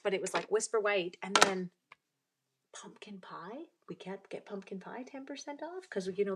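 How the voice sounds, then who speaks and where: A woman's voice: mid-range voice, a bit bright. A young woman from Canada chatting casually as she demonstrates card making, rambling and reading viewer comments aloud, with a recurring cough. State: bouts of coughing. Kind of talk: casual live craft stream.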